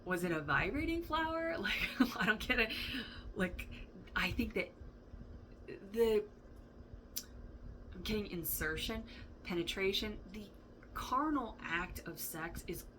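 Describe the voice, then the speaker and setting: A woman's voice: mid-range voice, takes it slowly, pauses often, a bit bright, a little hiss or hum, rough recording. A woman giving a casual tarot reading, rambling and thinking aloud, with laughs and the odd swear word. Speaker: tarot reader. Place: indoor room with a fan running.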